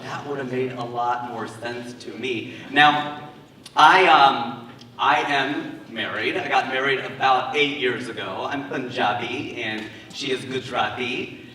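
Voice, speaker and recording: A man doing a stand-up comedy set at a wedding, working the crowd with animated, laughing asides. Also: medium pitch, a little slow. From United States. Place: wedding reception venue. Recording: roomy, far-off mic with loud crowd.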